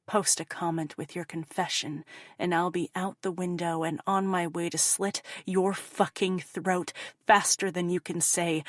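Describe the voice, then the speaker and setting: A woman's voice: lowish voice, level tone, a little slow, dry recording. Woman narrating a profane confession, dry. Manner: intense, profane, confessional delivery. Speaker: audiobook narrator. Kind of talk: first-person audiobook narration.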